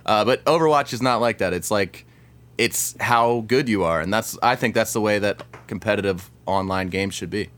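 A man co-hosting a casual gaming podcast, talking enthusiastically in halting bursts with frequent restarts. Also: on the low side, fairly bright tone. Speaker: podcast co-host.

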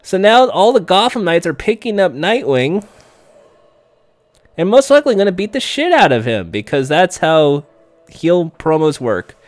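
A man's voice: high-pitched, very animated, normal speed, dry recording. A man giving a casual, sarcastic, profane play-by-play recap of a TV episode.

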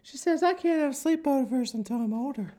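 Man putting on a little girl's voice: very high, sweet, matter-of-fact, a touch stuffy. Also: lively intonation, a little fast, warm tone. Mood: innocent. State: stuffy from a cold. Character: chatty little girl, innocent and blunt.

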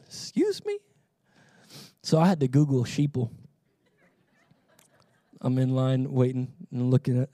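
A man preaching a sermon, moving between relaxed conversational storytelling and loud, fervent declaration. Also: mid-range voice, no room sound, studio quality. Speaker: pastor.

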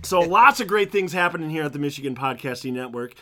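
An upbeat man co-hosting a casual podcast, his voice sitting a little high. He chats through plugs and show news with lots of fillers. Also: expressive, fast, fairly bright tone. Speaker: podcast co-host.

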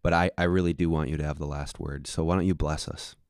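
Male podcast host, deep and smooth, dry close mic. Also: steady tone, quick pace, a little mellow, no echo. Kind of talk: hosting a faith podcast.

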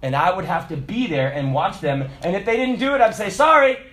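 A man preaching a sermon, emphatic and animated, with dramatic pauses. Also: sits high.

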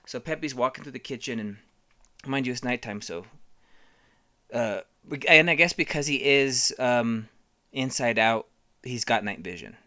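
Rambling, smooth-voiced comedic storyteller. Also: mid-range voice, a little slow, dry recording, clean studio sound. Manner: rambling, profane and deadpan.

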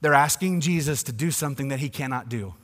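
A male pastor preaching a sermon emphatically, swinging between loud declarations and hushed asides. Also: medium pitch, fast, big-room sound.

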